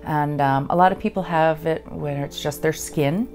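A woman veteran giving a halting, earnest personal testimony. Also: deep voice, a little mellow. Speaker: veteran sharing her story.

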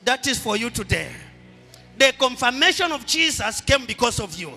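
A man with a Zambian accent, a pastor leading a fervent prayer, repeating and shouting short lines. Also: very high voice, very animated, normal speed. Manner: repetitive chanted exhortations, often shouted. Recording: echoey hall with music behind.

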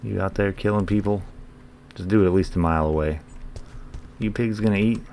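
A deep-voiced man gives casual let's-play commentary over a horror game, swearing freely and cracking jokes at the characters. His voice sits low, and a faint hiss is heard behind it. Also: a little fast, darkish tone. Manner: profane, joking, talks to game characters. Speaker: gaming channel host.

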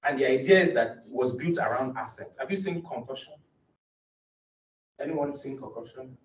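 A man's voice: mid-range voice, normal speed, slight background noise. A young man, a doctoral student, gives an academic presentation in an earnest, explanatory way with frequent restarts. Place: presentation room. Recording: roomy, distant, dull lo-fi recording.

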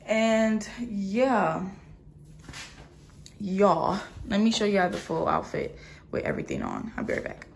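A woman's voice: medium pitch, very animated, slow pace, vocal fry, pauses often, a little hiss or hum. A young woman vlogging on her phone, chatty, blunt and candid, with lots of slang. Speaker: travel vlogger. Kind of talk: casual vlog talk to camera. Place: hotel room.

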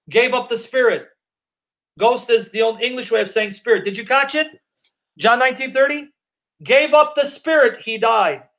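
High-voiced emphatic man preaching live. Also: pushed and bright. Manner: emphatic, repeats questions to drive points home; reads scripture aloud in a slow, deliberate cadence. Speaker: live-stream Bible teacher. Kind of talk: live Q&A stream, reading viewer comments.

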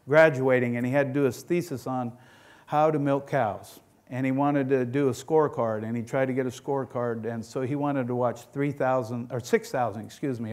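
A middle-aged man speaks at a conference in a folksy, storytelling way, often restarting and repeating his words. His voice sits in an ordinary middle pitch for a man. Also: darkish tone. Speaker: dairy farm owner giving a talk. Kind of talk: conference presentation.

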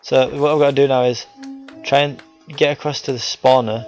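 A man's voice: medium pitch, normal speed, low-quality recording. Male gameplay commentator, mid-range voice, chatty and easily frustrated, faint music bed. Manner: excitable, frustrated outbursts at enemies; talks to the viewers. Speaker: gaming video host.

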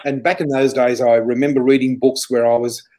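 Animated man telling stories. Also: mid-range voice, brisk. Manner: animated, laughs often, acts out quoted dialogue. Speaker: psychic flower reader, interview guest. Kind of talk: storytelling anecdote.

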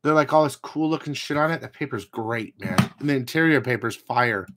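A man's voice: mid-range voice, brisk, background noise. A man hosting a comic book channel, ranting casually to his viewers, blunt and profane, with rambling asides.

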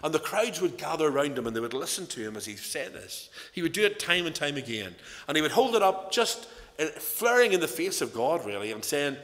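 A man's voice: on the high side, big pitch swings, fairly quick, a bit bright. A man with a Northern Irish accent preaching an evening sermon in church, earnest and storytelling, his emphasis rising and falling. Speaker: lay preacher. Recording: echoey church hall.

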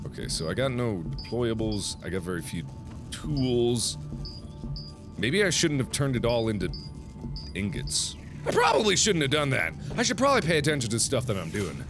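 A man's voice: medium pitch, vocal fry. A man commentating his own gameplay, nervous and easily startled, with panicky exclamations and nervous laughs. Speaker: let's play host. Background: game music.

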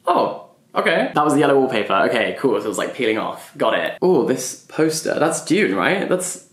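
A man's voice: mid-range voice, very animated, fairly quick, a bit bright. A man vlogging about books, thinking aloud as he works through a puzzle, muttering guesses to himself and chuckling often. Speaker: book vlogger. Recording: roomy echo.

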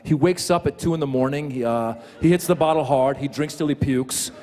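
A man doing a stand-up comedy set at a live show, talking in an animated way and jumping into shouted voices. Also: a little high, fairly quick. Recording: live hall with crowd and noise.

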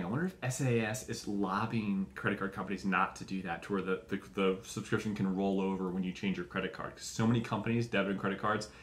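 This podcast host is a young man whose fairly low voice sounds pushed and bright, bouncing around an echoey room. His rambling comedy monologue is full of swearing and tangents, and he acts out little scenes.

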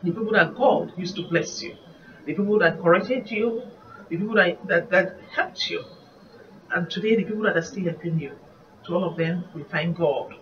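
A woman's voice: lowish voice, normal speed. Earnest Nigerian woman preaching, distant mic. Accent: Nigerian English. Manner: earnest, reflective, reminiscing. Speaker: evangelist. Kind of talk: devotional sermon. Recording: muffled distant recording, faint background noise.

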